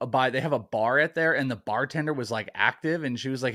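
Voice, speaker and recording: A man co-hosting a fantasy baseball show, telling stories in a lively way. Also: medium pitch, fast. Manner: animated storyteller. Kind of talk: casual live show banter.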